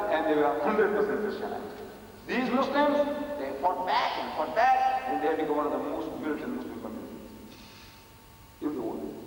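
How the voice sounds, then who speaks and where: A man giving a religious lecture to students, emphatic and rhetorical, often repeating his points for effect. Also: high-pitched. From South Africa. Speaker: speaker addressing students. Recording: echoey hall from far off.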